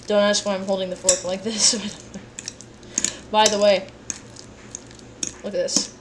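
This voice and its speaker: A woman's voice: mid-range voice, level tone, a little slow, pauses often, noisy background. Tired young woman livestreaming while cooking. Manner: rambling, playful, sing-song asides. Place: home kitchen. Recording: clear kitchen clatter behind.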